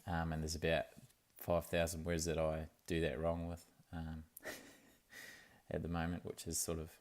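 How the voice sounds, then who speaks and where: This is a young man, chatting to camera in a casual video diary. His voice sits very low and gravelly, with little rise and fall, and he rambles along easily with plenty of fillers. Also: completely flat delivery, measured pace. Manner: laid-back and rambling, with many fillers and restarts. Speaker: vlogger.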